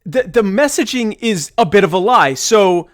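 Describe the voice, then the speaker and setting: A man's voice: high-pitched, expressive, normal speed. A man hosting a podcast, explaining his points earnestly and at length in casual conversation. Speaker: podcast host.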